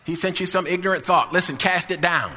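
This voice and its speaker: High bright-voiced man preaching a sermon. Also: fairly quick, in a large hall. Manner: repetitive, emphatic, with frequent restarts; calls out for louder amens. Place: church sanctuary.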